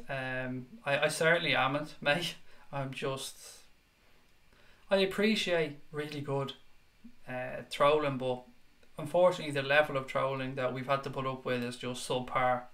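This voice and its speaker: A man's voice: mid-range voice, fairly bright tone. A young man hosting a live fan chat show, talking casually with viewers and reading their comments aloud in a blunt, sweary way. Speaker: livestream chat show host.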